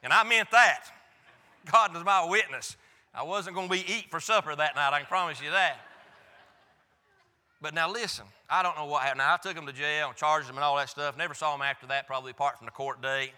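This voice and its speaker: A man's voice: a little high, fairly quick, pushed and bright, long reverb tail. A pastor preaching a sermon, telling a folksy, emphatic story from his own life. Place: church.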